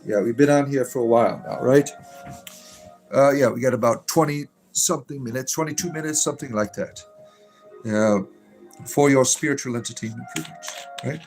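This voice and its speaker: A man's voice: medium pitch, moderate pace, a little mellow, faint music behind, low-quality recording. A man hosting a casual livestream, talking bluntly and swearing casually. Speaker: livestream host.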